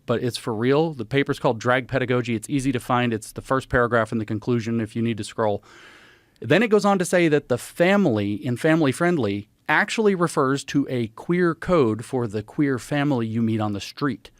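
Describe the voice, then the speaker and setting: Podcast guest, male, emphatic, animated explainer, close dry studio mic. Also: mid-range voice, a little fast, no echo. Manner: emphatic, animated, cites sources. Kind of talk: conversational explanation.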